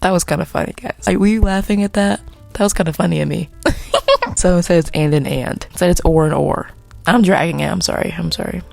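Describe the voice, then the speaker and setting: Young woman rambling to her camera, giggly, goes off track constantly, soft music faintly behind. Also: fairly low pitch, steady tone, brisk, vocal fry. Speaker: vlogger. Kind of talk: casual rambling vlog. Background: faint background music.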